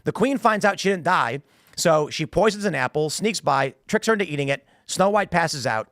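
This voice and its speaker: A man hosting a casual panel talk show, telling stories in an animated way with quick character voices. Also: on the high side, dry recording, studio quality. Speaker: show host.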